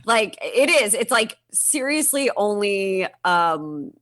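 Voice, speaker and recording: Woman panelist, bubbly and quick to laugh, bright forward tone. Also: mid-range voice. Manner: animated, giggly, lots of "like". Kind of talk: casual film-review chat.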